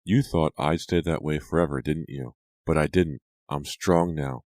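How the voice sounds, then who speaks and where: A man's voice: a bass voice, moderate pace, darkish tone, no echo. A man reading the part of a scarred, vengeful teenage girl ghost in an audiobook, with a cold, commanding manner.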